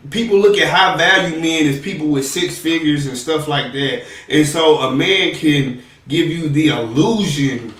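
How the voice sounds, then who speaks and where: A man speaks a little high for a man, rambling and laid-back, his words often trailing off softly. He sits back from the mic in an echoey room during a casual podcast chat. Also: recorded from a distance.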